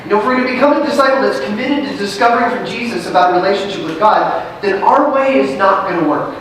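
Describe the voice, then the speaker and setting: A woman's voice: medium pitch, lively intonation, fast talker, recorded from a distance, slight background noise. A woman pastor giving a sermon in a church sanctuary. She reads scripture aloud, then explains it in a conversational way and asks her listeners questions. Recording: very echoey sanctuary, picked up from afar.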